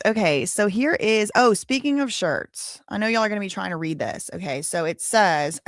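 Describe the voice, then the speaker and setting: A woman's voice: mid-range voice, lively intonation, moderate pace, few pauses, dry recording, studio quality. A woman in her thirties chatting casually with viewers on her livestream, rambling with many fillers. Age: 30s. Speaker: livestream host. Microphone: desk microphone with headphones.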